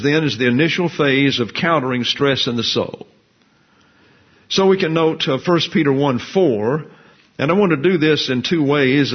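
A man delivers a Bible teaching sermon in a steady, emphatic way. His voice is a little husky and sits at an ordinary pitch. The recording sounds dull and lo-fi. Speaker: pastor.

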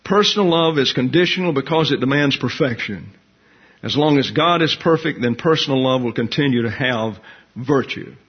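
A man's voice: mid-range voice, expressive, moderate pace, breathy edge, dull audio. A man teaching a Bible class in a conversational way, asking his listeners questions as he explains.

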